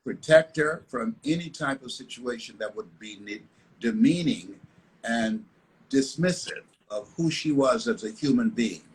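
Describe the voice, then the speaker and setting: A man's voice: medium pitch, expressive, a little slow, slight background noise, poor audio. An older man from the United States, a motivational speaker telling stories in a live online interview, emphatic and repetitive. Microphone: live video call.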